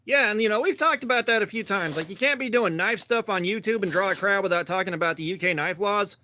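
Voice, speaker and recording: Hosting a casual livestream, a man with a high, sharp-toned voice jokes and rambles through viewer comments with quick asides. A faint hiss or hum sits under the audio.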